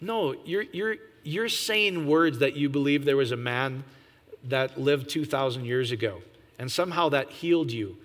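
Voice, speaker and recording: A man preaching an informal sermon, animated, often jumping to a high, excited pitch and asking his listeners questions. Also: unhurried, long reverb tail. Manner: animated, jumps to high excited pitch, laughs, asks the audience.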